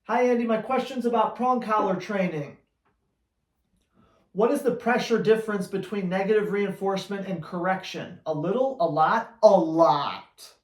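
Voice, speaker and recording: A man's voice: high voice, normal speed, echoey room. A man who trains dogs, answering viewer questions in a blunt, teasing, emphatic way. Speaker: dog trainer.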